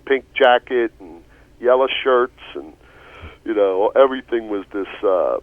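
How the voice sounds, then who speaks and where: Philly radio co-host, a bit low, lively storyteller, tinny lo-fi line. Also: male voice, unhurried, dry recording. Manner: animated, laughing storyteller, swears casually. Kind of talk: casual storytelling chat. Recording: tinny phone-like radio audio.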